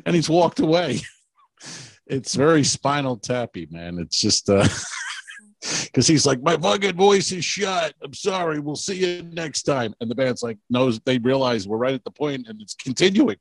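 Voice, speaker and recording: A man's voice: mid-range voice, slightly rough, no room sound. A man co-hosting a podcast in casual chat, rambling through stories and laughing as he tells them. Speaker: podcast co-host.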